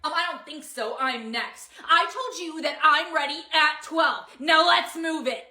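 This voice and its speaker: Entitled rude customer played by a woman, impatient and demanding, bright lively voice, echoey room. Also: high-pitched, moderate pace, exaggerated voice.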